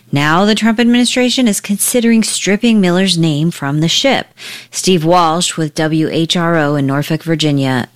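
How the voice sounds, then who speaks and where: A woman reads a news introduction in a measured, scripted way. Her voice is low. The booth is dry. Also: dry recording. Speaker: newsreader.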